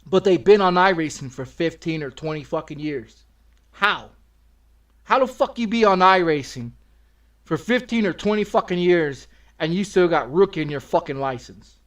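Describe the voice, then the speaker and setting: A middle-aged man with a notably high-pitched voice, ranting aggressively during a game stream. He swears constantly and hammers the same phrases over and over. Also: animated, normal speed. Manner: profane, aggressive, repetitive ranting. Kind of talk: angry streaming rant.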